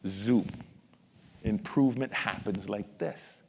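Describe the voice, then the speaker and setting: A middle-aged man presenting at an education masterclass, who addresses the audience directly and acts out examples in a lively lecture. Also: lowish voice, slow pace, creaky, slight background noise. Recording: long hall reverb.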